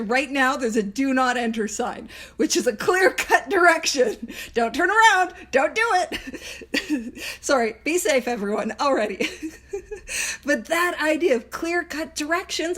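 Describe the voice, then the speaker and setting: A woman's voice: high voice, fairly bright tone. A woman hosting a book study, reading passages aloud and explaining them in a chatty way, with laughing asides and frequent restarts. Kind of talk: casual teaching, reading and explaining text. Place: in a vehicle on a video call.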